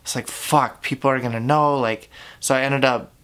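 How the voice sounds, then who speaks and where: A young man telling his own story to the camera, candid and halting, with lots of fillers and swearing. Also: mid-range voice, fairly even intonation, a bit bright, clear, resonant tone. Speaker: YouTuber. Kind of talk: confessional storytelling.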